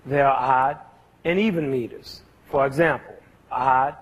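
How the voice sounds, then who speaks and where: A man's voice: medium pitch, normal speed, a little hiss or hum. A man explaining music to a young audience in an educational talk, teaching step by step and asking the audience questions as he goes.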